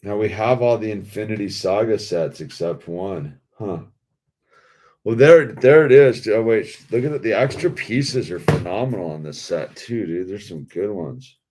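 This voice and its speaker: A man's voice: lowish voice, expressive, normal speed, few pauses, darkish tone, husky. A man hosting a toy-building video in a laid-back, slangy way, saying dude a lot. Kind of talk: casual commentary while building.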